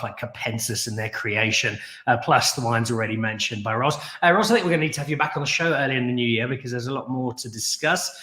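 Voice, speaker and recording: A man's voice: medium pitch, quick pace, bright, forceful tone, roomy sound. A man hosting a live wine show, chatty and upbeat, who introduces guests and jokes with them. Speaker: show host.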